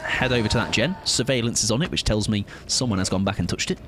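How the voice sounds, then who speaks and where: Speaking quickly in a fairly low voice, this streamer keeps up a chatty, playful running commentary with his audience while gaming live, with some background noise in the recording.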